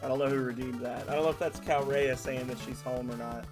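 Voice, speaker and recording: Excitable male streamer riffing over a game, mid-pitched voice, clear game music underneath. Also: fast. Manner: excitable, chatty, laughs often. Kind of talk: live-stream gaming commentary. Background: video game music.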